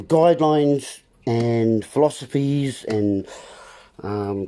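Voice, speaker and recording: In a meandering livestream monologue, a male host plays with words and keeps calling his listeners folks. His voice is medium-pitched with a dark tone.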